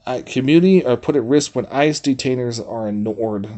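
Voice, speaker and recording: A man in a casual livestream talks loosely to his chat in a mid-pitched voice. He rambles, reads text aloud and bursts into profane exclamations. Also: moderate pace. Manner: swears freely, animated outbursts. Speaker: streamer.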